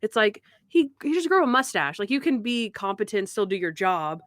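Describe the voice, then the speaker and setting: A woman's voice: mid-range voice, normal speed, no room sound. Dry-sounding young woman podcast co-host. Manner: animated retelling, acting out scene quotes. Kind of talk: casual chat reviewing a TV episode.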